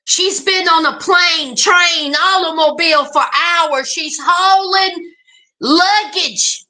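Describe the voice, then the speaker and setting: Sassy woman doing a slow, drawn-out reality tv recap, chatty asides to the listener. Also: very high-pitched, sharp tone. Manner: sassy and emphatic, drawn-out exclamations. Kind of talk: casual recap commentary.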